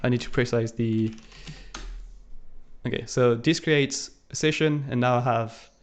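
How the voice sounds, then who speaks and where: A man's voice: mid-range voice, measured pace. A man co-hosting a live coding stream, thinking aloud as he types, with frequent fillers. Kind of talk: casual coding walkthrough. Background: keyboard typing and clicking.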